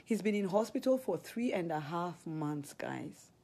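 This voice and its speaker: A woman with a Kenyan accent, chatting on a live stream, very expressive and gasping as she tells stories. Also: fairly low pitch, a little slow, husky. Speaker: ministry leader. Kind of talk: casual live-stream chat.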